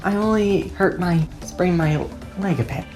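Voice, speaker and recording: Brief: timid teen girl, voiced by a woman reading a fan story, soft hesitant delivery. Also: fairly low pitch, unhurried, faint music behind, voice pushed up, close to an everyday voice. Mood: reassuring. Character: scared, gentle teenage girl.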